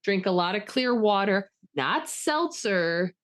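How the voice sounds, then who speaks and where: A woman co-hosting a podcast in casual chat, talking in an animated way with plenty of fillers. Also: medium pitch, slow. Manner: chatty, animated, many fillers. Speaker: podcast co-host.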